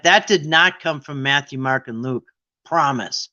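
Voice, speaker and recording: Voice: medium pitch, measured pace, pushed and bright, lo-fi sound. A quiz game host in casual, playful chat, with irreverent, sarcastic asides.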